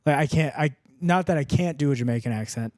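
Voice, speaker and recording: A man co-hosting a podcast in a jokey, animated way, laughing often. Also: fairly high pitch, fast, dry recording, clean studio sound. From Mexican heritage. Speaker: podcast co-host. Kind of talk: casual podcast banter.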